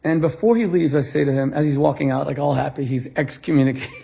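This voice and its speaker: Gravelly, animated rabbi telling a story. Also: male voice, on the high side, fast. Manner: animated storyteller acting out both sides of a dialogue, punchlines with laughs. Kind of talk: storytelling sermon to a live audience.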